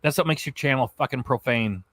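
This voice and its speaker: A man's voice: medium pitch, fairly quick, a bit bright, no echo. Male reaction host, scornful and profane, plain dry close-mic sound. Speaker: reaction commentator. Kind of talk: mocking reaction commentary.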